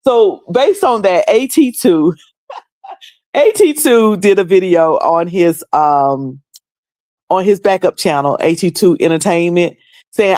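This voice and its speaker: A woman's voice: on the low side, lively intonation, slow pace, a little mellow, dry recording, clean studio sound. A woman with a North Carolina accent chatting casually on her livestream, rambling with many fillers and restarts. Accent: Southern US, North Carolina. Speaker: livestream host.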